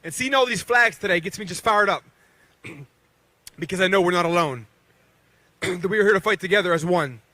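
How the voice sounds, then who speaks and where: Rallying a crowd with call-and-response, this professional boxer in his thirties from Beaver County, western Pennsylvania, speaks in a high, bright, forceful voice at normal speed with long pauses. There's no room sound.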